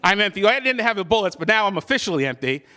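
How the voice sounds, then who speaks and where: A man's voice: sits high, big pitch swings, racing, pushed and bright. A man telling a personal story live, conversational and self-deprecating, with many fillers. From California.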